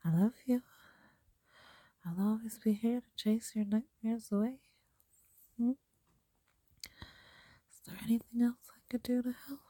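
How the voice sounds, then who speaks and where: Breathy woman in whispered role-play. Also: on the high side, fairly even intonation, a little slow, long pauses, no echo. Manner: soft soothing whisper, tender and reassuring. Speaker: comforting girlfriend to the listener.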